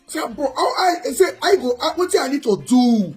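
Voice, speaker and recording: Excitable Nigerian woman host. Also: high-pitched, a little fast, soft background music. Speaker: gossip channel host. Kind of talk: animated casual commentary.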